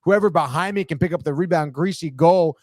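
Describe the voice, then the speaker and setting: A man's voice: fairly high pitch, brisk, darkish tone, dry recording, clean studio sound, natural voice. A man acting out a stunned, winded young hockey player who rambles and swears.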